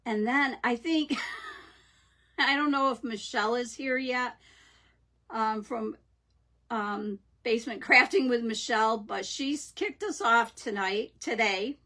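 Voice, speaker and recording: A middle-aged woman hosts a live craft stream from home, talking slowly through a webcam mic. Her voice sits a little high and sounds bright. She chats casually and greets her viewers one by one. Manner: chatty, greets viewers warmly by name.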